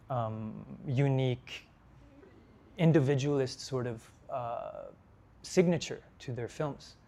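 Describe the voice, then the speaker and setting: A man's voice: mid-range voice, darkish tone. Hesitant young man giving a lecture. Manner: hesitant, many fillers and restarts. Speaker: lecture speaker. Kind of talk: conference talk. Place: lecture hall.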